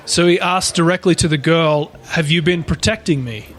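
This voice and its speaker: A man with a fairly high speaking voice tells a creepy story to his co-host. He rambles, restarts and swears freely in a loose, chatty way. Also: moderate pace, a bit bright. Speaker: podcast co-host. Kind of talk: casual storytelling chat.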